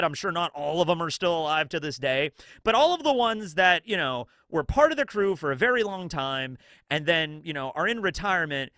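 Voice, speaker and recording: A man's voice: a little high, pushed and bright, no room sound. A man hosting a casual video commentary, rambling along with lots of fillers. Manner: rambling, chatty, heavy fillers. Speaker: YouTube host.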